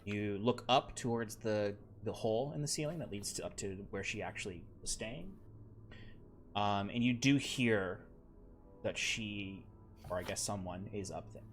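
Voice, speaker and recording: A man's voice: on the low side, a little slow, faint music behind. Rambling male game master. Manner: rambling, many fillers. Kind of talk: narrating a tabletop game.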